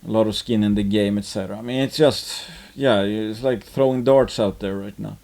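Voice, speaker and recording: A man's voice: on the low side, steady tone, moderate pace, darkish tone. A man hosting an investing channel, talking through stocks in casual market commentary, full of fillers and restarts. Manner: rambling, many fillers and restarts.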